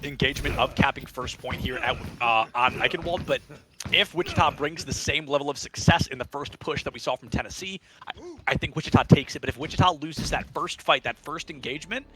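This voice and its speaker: A young man calling a live esports match, quick and excitable in his play-by-play, with game music behind him. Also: medium pitch.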